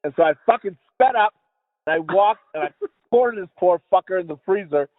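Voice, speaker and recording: A man with a fairly high voice tells a casual comic story, swearing freely and restarting his sentences as he goes. The sound is dry and close, narrowed like a phone line. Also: animated, a little fast, dry recording. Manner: rambling, profane, many restarts. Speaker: podcast co-host.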